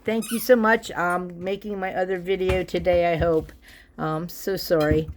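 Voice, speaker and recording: A woman's voice: fairly low pitch, steady tone, moderate pace, a little hiss or hum. A woman vlogging from home, giving a chatty, rambling product review, often breaking off mid-sentence and chuckling.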